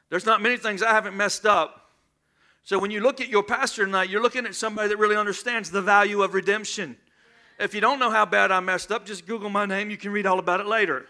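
A middle-aged man preaching a sermon as pastor, impassioned, shouting at times and calling for responses from the congregation. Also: sits high.

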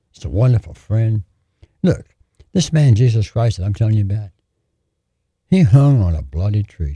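A man delivering a fervent sermon, hammering his points through repetition. His voice is low, dark and husky, and it swings widely in pitch as he presses on. The sound is dry and close, with no room around it. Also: dry recording. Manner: emphatic, repetitive, fervent preaching. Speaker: preacher.

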